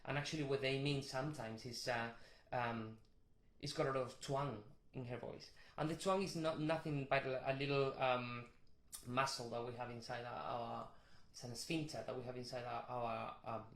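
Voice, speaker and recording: A man teaching a vocal warm-up, explaining technique with restarts and short sung demonstrations. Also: mid-range voice, fairly even intonation, normal speed, reverberant. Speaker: vocal coach.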